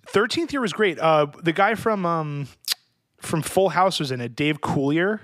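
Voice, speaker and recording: Goofy podcast host, higher voice. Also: male voice, expressive, measured pace, fairly bright tone, no echo. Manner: goofy, rambling jokester. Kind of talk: casual podcast chat.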